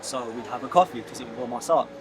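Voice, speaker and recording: With background music playing, a young man casually chats through his day in a coffee shop for a vlog, speaking at a quick pace in a medium-pitched voice. The content creator keeps dropping in "like" and "you know."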